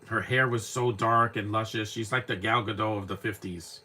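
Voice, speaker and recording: A young man talks through an old film in a loose, rambling way, often stumbling over repeated words as he hunts for a name. His voice is husky with a bright, forward edge and sits fairly low. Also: steady tone, normal speed. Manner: rambling, repeats words while searching for names. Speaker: movie commentator. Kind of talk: casual live movie commentary.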